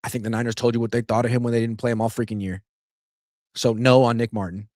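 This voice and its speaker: A man in the middle pitch range rants through sports takes on his own show, sarcastic and animated. His voice leaps up loud for emphasis and then drops back. The sound is dry and close, with no room around it. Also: fast talker, dry recording. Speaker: sports podcast host. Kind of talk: opinionated solo sports commentary.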